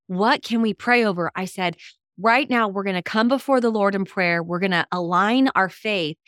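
A woman co-hosting a podcast as a coach, telling stories in a lively way and acting out quoted dialogue. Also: mid-range voice, moderate pace, dry recording, clean studio sound. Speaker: co-host and coach. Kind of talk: casual podcast storytelling.

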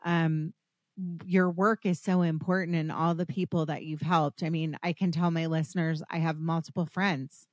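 A woman's voice: low-pitched, level tone, normal speed, darkish tone, no room sound, muffled recording. A woman hosting a podcast interview, talking in an earnest, gushing, rambling way with many restarts. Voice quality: earnest, gushing, gets emotional. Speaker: podcast host. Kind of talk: casual interview chat.

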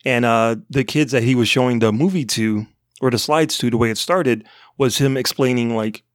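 Male podcast co-host, mid-pitched, rambling, dry close recording. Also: normal speed, no echo. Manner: rambling, laughs often. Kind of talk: casual movie review chat.

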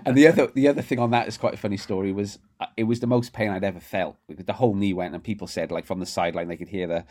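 Brief: male interview guest, low voice, rattles through stories at speed. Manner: rapid, animated anecdotes with frequent restarts. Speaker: guest, rugby writer. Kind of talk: casual storytelling interview.

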